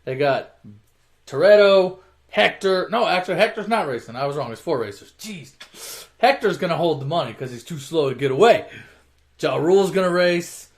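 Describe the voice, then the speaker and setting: A man's voice: on the high side, expressive, moderate pace. A man casually retelling a movie plot as a comic story, offhand and profane, often correcting himself mid-sentence.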